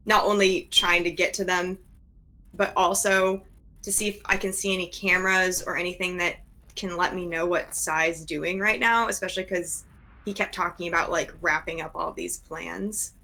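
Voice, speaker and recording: A woman takes her turn in a tabletop game, thinking aloud about her move. She speaks slowly with a bright tone. She hesitates and circles back as she talks. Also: on the low side, steady tone, rough recording. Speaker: player.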